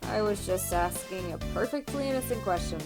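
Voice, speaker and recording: A woman's voice: medium pitch, expressive, a little fast, loud music behind the voice, close to an everyday voice. A woman voicing a laid-back, teasing male defense attorney with slangy talk in a fan voice-over of a game.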